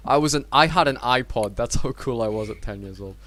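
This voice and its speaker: A man's voice: mid-range voice, a little fast, crowd noise. A young British man hosting a live stream, chatting casually, brash and teasing, with a lot of swearing. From Britain. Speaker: streamer host.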